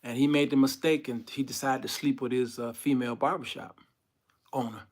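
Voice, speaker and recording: A man hosting a comedic commentary monologue, telling stories in an animated, folksy way. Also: mid-range voice, fairly quick. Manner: animated, laughs often, folksy storytelling. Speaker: host.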